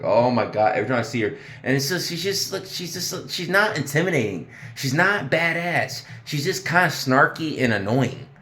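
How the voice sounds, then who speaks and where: A man's voice: on the low side, fairly bright tone. A man ranting casually about a TV episode, exasperated and profane, laughing at his own jokes. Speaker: TV show reviewer. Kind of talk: casual profane review rant.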